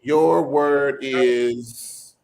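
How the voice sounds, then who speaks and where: A man running a song-word game in a casual group chat, prompting the others in a relaxed, teasing way. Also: mid-range voice, very slow, creaky, a little hiss or hum. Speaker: game segment leader.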